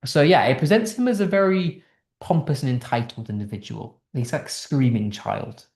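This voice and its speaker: A man's voice: medium pitch, normal speed, gravelly, a little mellow, reverberant. A man teaching English literature in a casual online lesson, explaining a text line by line in a chatty way with restarts, from the United Kingdom.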